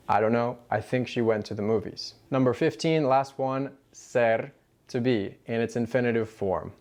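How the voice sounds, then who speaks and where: A man giving a language lesson, explaining words in a clear, measured way and reading example sentences slowly. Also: medium pitch, a little mellow. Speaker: Spanish teacher.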